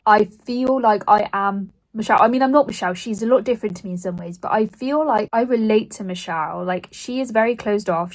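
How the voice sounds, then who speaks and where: A woman in her late twenties talks casually to camera as a book vlogger, rambling and poking fun at herself. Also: medium pitch. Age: 20s. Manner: rambling, self-deprecating, chatty.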